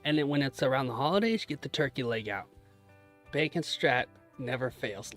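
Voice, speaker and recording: A man's voice: medium pitch, expressive, a little fast, a bit bright, soft background music. A young man chatting casually on a live stream, joking about himself and cheering his trades on. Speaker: livestreaming day trader.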